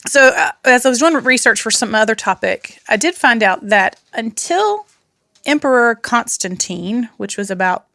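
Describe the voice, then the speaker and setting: A woman's voice: a little high, lively intonation, moderate pace, fairly bright tone, dry recording. A woman hosting a podcast, leading a casual group chat and introducing her co-hosts with teasing nicknames. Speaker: podcast host. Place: studio room.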